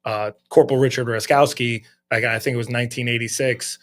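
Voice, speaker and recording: Man, middle-aged, sheriff's lieutenant, candid storyteller, mid-pitched voice, quotes his own thoughts. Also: fairly even intonation, a little fast. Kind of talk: casual storytelling interview.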